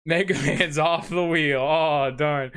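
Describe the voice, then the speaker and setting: A man chatting casually on a live stream, excitable and swearing freely, laughing often. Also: fairly high pitch, takes it slowly, smooth. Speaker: livestreamer.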